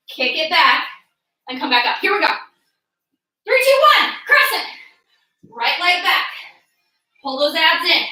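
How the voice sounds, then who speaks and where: A woman fitness instructor coaching a workout class, energetic and encouraging, whooping and cheering, out of breath from exercising along. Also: high voice. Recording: echoey room, mic at a distance.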